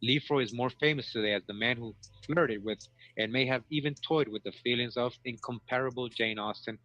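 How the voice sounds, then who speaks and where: A man's voice: mid-range voice, fairly quick, a bit bright. Man reading aloud, dull lo-fi sound. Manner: repeats words, asks listeners "right?". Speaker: host. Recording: dull lo-fi recording.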